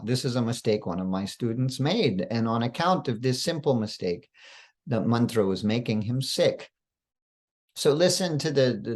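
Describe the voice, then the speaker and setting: A man, a spiritual teacher, giving a slow, careful instructional talk with occasional fillers and throat clearing. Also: mid-range voice. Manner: slow, careful, deliberate explanation.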